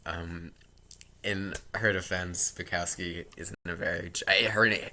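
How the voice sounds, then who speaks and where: A man's voice: low voice, steady tone, unhurried, pushed and bright. A man vlogging at home into a laptop mic, rambling in casual chat with jokey asides and self-interruptions.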